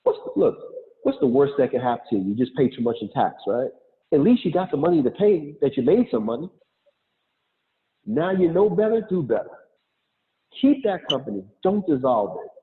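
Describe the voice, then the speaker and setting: A man giving a lively motivational talk as a guest speaker on an online call, acting out quotes as he goes. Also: a little high, normal speed. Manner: animated, acts out quotes, laughs. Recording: tinny phone-like call audio.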